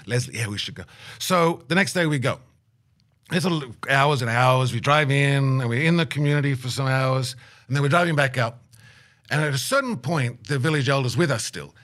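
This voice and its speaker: Animated storytelling man. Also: mid-range voice, normal speed. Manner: animated anecdote-teller, acts out quotes, laughs often. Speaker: guest, aid worker. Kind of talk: storytelling interview.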